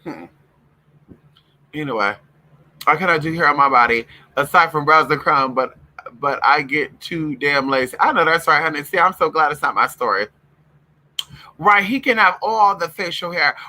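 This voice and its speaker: Sassy campy man with a bright voice. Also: fairly high pitch, rough recording. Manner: sassy, profane, campy, addresses viewers as girl and honey; animated, breaks off to talk to his dogs. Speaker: vlogger. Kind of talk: casual livestream chat.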